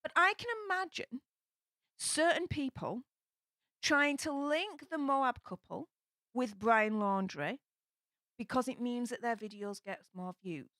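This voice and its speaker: A woman's voice: fairly high pitch, animated, slow, a bit bright, no room sound, clean studio sound. A young woman with a Yorkshire accent hosting a casual live stream, chatting and reading viewer comments aloud with plenty of ums. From England.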